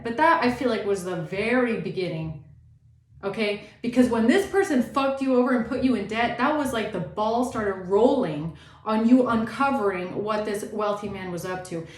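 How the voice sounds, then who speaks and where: A woman's voice: a little high, echoey room. A woman tarot reader giving a blunt, indignant reading and swearing freely.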